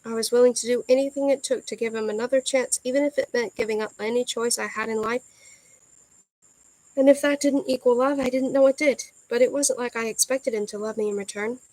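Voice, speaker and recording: A woman reading a first-person novel aloud in a soft, earnest storytelling manner. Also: fairly high pitch, steady tone, a little fast, no echo, rough recording. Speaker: audiobook reader.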